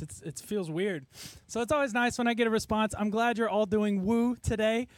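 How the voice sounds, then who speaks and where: A worship pastor from Texas gives a chatty, self-deprecating sermon to a church congregation, with many fillers and frequent laughs. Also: male voice, sits high, normal speed, dry recording. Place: church service before a congregation.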